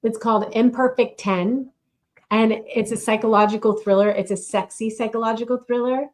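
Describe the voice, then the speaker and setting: A woman co-hosting a podcast in casual chat, talking in an unhurried, chatty way and reading passages aloud. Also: a little high, steady tone, darkish tone. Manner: chatty, unhurried, reads aloud from her own book. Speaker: podcast co-host.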